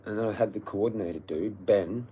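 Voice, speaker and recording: An Australian man ranting profanely on a livestream, his voice hoarse from yelling. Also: lowish voice, a little fast, slight background noise. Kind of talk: livestream rant.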